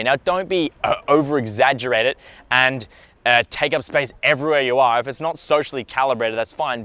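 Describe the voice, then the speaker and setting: A man giving a direct, emphatic lesson as a dating coach, often checking in with a quick "okay?" and swearing now and then. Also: mid-range voice, a bit bright. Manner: blunt, occasional swearing. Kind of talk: instructional talk to camera.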